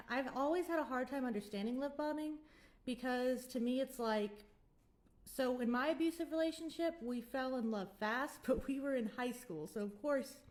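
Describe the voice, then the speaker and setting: Blunt young woman, fairly high voice. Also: a little mellow. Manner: blunt, frank, rambling with restarts. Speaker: vlogger. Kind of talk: candid personal storytelling with advice.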